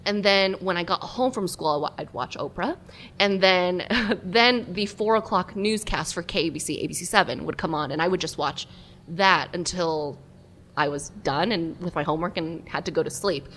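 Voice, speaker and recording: Lively woman journalist telling stories. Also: lowish voice, normal speed, a little hiss or hum. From Southern California. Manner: lively, animated storytelling. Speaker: guest journalist. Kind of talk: casual interview chat.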